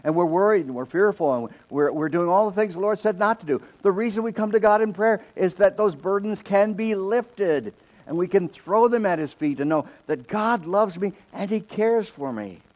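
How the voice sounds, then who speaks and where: A middle-aged male pastor preaching an earnest sermon to his congregation, moving between loud emphasis and quiet storytelling. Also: sits high, moderate pace. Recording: dull lo-fi sermon recording.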